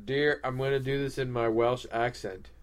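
A man co-hosting a podcast in casual chat, playful and deadpan as he jokes. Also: mid-range voice, normal speed. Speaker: podcast co-host.

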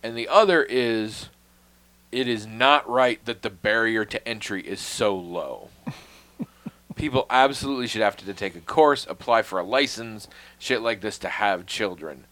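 A man's voice: fairly low pitch, animated, measured pace, bright, forceful tone. A man in casual conversation, telling a long story in a wry, self-deprecating way, swearing freely and dropping to a mutter on asides.

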